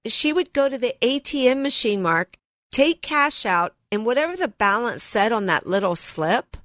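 A woman's voice: on the high side, animated, normal speed, a bit bright, no room sound, clean studio sound. A middle-aged woman co-hosting a financial radio show, telling stories in an earnest, emphatic way. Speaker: financial advisor and co-host. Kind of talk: radio talk show chat. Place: radio studio. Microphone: studio mic.

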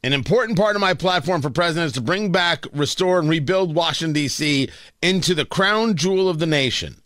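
A middle-aged man hosting a talk radio show, delivering a sarcastic, combative monologue that swings from low mutters to loud mocking outbursts into a studio mic. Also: a little fast, no echo. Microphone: studio broadcast mic.

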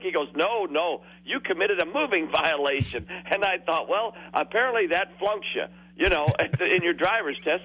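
A man's voice: high voice, animated, moderate pace, bright, forceful tone, breathy edge. A man in his sixties calling a radio show, telling rambling stories and laughing through them. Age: 60s. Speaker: caller. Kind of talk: phone-in storytelling. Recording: muffled phone line on the radio.

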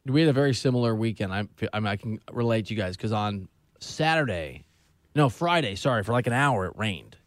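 A man's voice: fairly low pitch, animated, fairly quick, no echo. A middle-aged man hosting a sports talk show, chatting casually with sarcastic, self-mocking humor. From Southern California.

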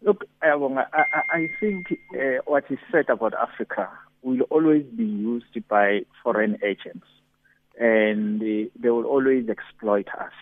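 Measured man on a tinny phone line. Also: mid-range voice. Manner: deliberate, repeats words when building up a point. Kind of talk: phone-in political analysis.

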